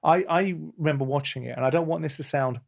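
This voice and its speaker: Gravelly, fast-talking male interviewer. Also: on the high side. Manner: quick, chatty questions, agreeable. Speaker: interview host. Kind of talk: conversational interview.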